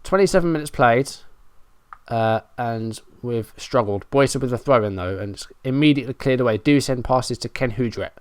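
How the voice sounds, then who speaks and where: A man's voice: mid-range voice, normal speed, clear, resonant tone, dry recording, clean studio sound. A man giving running play-by-play commentary on a football management game, frustrated and self-mocking. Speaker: gaming YouTuber.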